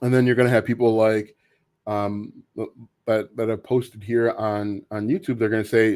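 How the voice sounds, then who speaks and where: A man with a somewhat low voice hosts a live question-and-answer stream. He talks casually and with strong opinions, often restarting his sentences and filling the gaps with "um" and "uh". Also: flat delivery, a little mellow. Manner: halting, frequent restarts and fillers, opinionated. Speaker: livestream host answering viewer questions.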